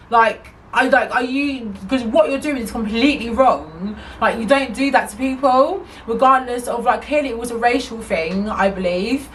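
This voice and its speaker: A woman telling a story to her camera, her voice bright and fairly high as she chats on in an animated, indignant way. She sits a little back from the mic, with a faint hum of noise in the room. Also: normal speed, distant mic, poor audio. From England. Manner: animated, chatty, indignant retelling. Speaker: vlogger. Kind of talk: storytime vlog.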